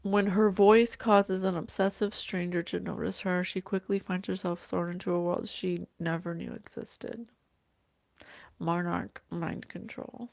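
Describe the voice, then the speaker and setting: A woman hosting a psychic reading. She thinks aloud slowly and haltingly, repeating phrases as she relays spirit messages. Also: on the low side, little pitch movement, gravelly, darkish tone, no room sound.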